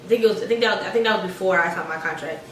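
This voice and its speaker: This Georgia-born young woman, a soldier, races through a chatty storytime for her vlog viewers, addressing them as y'all. Her voice runs on the low side with a fairly bright tone, and she's far from the mic in an echoey room with faint noise.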